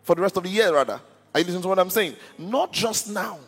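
A man's voice: high voice, expressive, quick pace, fairly bright tone, slightly rough, long reverb tail, soft background music. A man pastor preaching a sermon in a church, often stuttering on restarts and asking the congregation if they are listening. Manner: stammers and restarts words.

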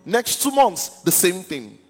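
Pastor, man, fairly high voice, sermon style, stammers and checks in with the crowd; echoing hall. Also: sing-song, a little slow, darkish tone, faint music behind. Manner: repeats "are you listening" to the congregation; stammers and restarts words. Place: church.

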